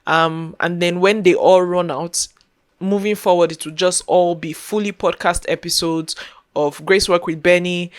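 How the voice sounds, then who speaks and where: A woman's voice: on the low side, fairly even intonation, a little slow. A young woman talking earnestly to camera as a content creator, repeating herself as she speaks from the heart. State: getting emotional, near tears. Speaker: content creator and podcast host. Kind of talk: casual talk to camera.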